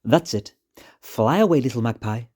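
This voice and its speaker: A man's voice: mid-range voice, animated, moderate pace, darkish tone, natural voice. A man voicing a sly, charming male plotter with a raised, theatrical delivery. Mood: mocking.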